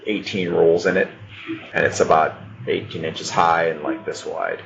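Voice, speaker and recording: A man narrating a tabletop game as game master, describing scenes in a relaxed way with fillers. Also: deep voice, moderate pace, vocal fry. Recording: dull lo-fi audio with noise.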